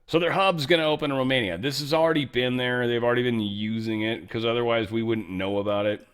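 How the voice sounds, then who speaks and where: A man's voice: medium pitch, steady tone, quick pace, a bit bright, clean tone. A middle-aged man hosting a casual political news commentary show, sarcastic and rambling, swearing freely as he reacts to headlines. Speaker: host.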